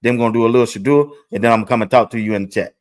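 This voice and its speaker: A man hosting a sports talk show, chatting excitedly. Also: mid-range voice, very fast. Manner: excited, chatty, talks to viewers directly. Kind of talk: casual commentary over video clips.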